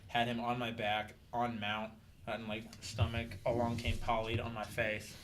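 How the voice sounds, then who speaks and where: Animated jiu-jitsu guest telling fight stories. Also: male voice, mid-range voice, unhurried, a little hiss or hum. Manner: animated storyteller, shouts out quoted coaches. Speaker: podcast guest, jiu-jitsu brown belt. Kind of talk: casual podcast chat.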